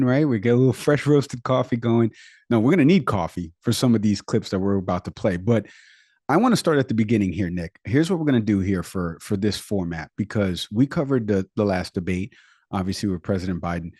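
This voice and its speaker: A man co-hosting a political chat podcast. His voice is low and mellow, recorded dry and close. He talks in brisk, emphatic bursts. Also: no room sound. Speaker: podcast co-host.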